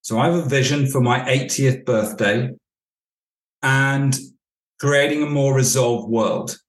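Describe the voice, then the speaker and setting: Man, leadership coach, storytelling podcast guest, mid-pitched, roomy echoey sound. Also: measured pace. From United Kingdom. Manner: storytelling, acts out dialogue. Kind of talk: podcast interview answers. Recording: echoey room.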